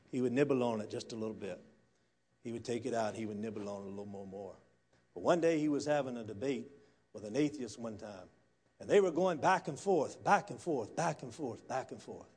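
A male preacher, delivering a church sermon as a folksy storyteller who swings from quiet murmurs to loud, fired-up preaching. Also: medium pitch, fairly quick, husky. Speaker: guest pastor. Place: church sanctuary.

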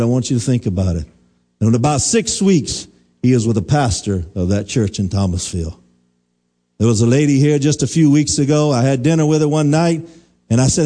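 A man's voice: mid-range voice, warm tone. A middle-aged man preaching a sermon as pastor, asking the congregation questions and calling for responses.

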